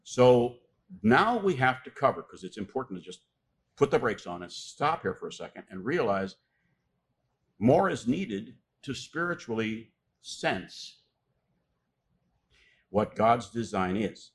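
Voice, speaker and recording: A man preaching a sermon, reading scripture aloud and pressing key words with loud, emphatic stress. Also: mid-range voice, very animated. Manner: reads scripture aloud with pauses.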